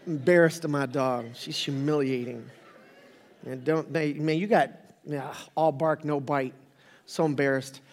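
A man's voice: a little high, a little slow. A middle-aged man, a pastor, giving a casual, humorous sermon full of rambling stories and jokes. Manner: joking, rambling, animated storytelling. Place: church sanctuary. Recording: long reverb of a church hall.

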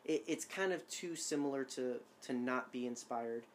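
A man's voice: mid-range voice, moderate pace, slight background noise. Rambling man co-hosting a chat. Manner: rambling, self-amused, many fillers and restarts. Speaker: podcast co-host. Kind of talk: casual chat.

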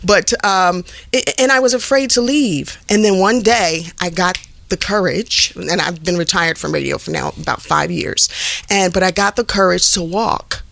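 Woman, middle-aged, animated, does voices, dry studio sound. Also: lowish voice, moderate pace, gravelly, no echo. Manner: animated storyteller, does voices and laughs often. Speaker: guest, TV host and former radio personality. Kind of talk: casual interview chat.

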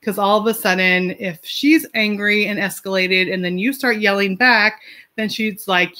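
A woman's voice: medium pitch, steady tone, moderate pace, pushed and bright. A woman in her forties, a parent giving casual advice, talking in a chatty way with lots of fillers, restarts and light laughs. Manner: laughs lightly mid-sentence.

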